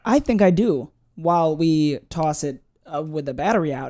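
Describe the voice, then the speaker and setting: A man's voice: fairly high pitch, animated, normal speed, hardly any pauses, warm tone. A man co-hosting a podcast, joking and playful in casual chat. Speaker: podcast co-host. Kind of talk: casual chat and improvised sketch.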